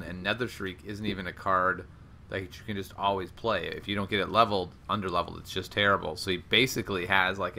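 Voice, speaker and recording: Gravelly bright-voiced male caster. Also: deep voice, a little hiss or hum. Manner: chatty, analytical, laughs often. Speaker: game commentator. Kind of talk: live esports commentary.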